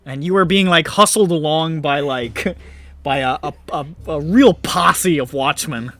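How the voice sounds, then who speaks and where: A man's voice: on the high side, measured pace, a bit bright, no echo. A man narrating a tabletop game as game master, vivid and descriptive with laughing asides.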